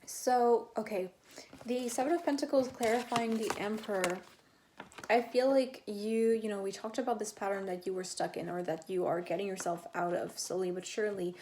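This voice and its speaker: A woman's voice: mid-range voice, fairly even intonation, moderate pace, mellow. Woman doing a tarot reading, rambly chatty talk, bit of faint hiss n clicks. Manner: chatty, rambling, many fillers and restarts. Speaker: tarot reader. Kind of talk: casual tarot reading to camera.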